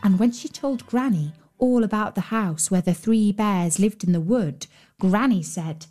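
A woman narrating a fairy tale in a gentle, measured storytelling manner. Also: medium pitch, soft background music. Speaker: storyteller host.

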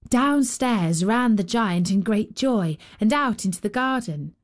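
A woman reads a fairy tale aloud as host, unhurried and gentle. Her pitch moves a great deal, lifting and falling with the story. Her voice sits in an ordinary middle register. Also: lively intonation. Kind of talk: storybook narration.

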